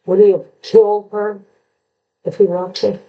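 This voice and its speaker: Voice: mid-range voice, flat delivery, a little slow, narrow, tinny audio, slight background noise. A true crime commentator analysing a confession letter, who lectures with emphasis and asks rhetorical questions.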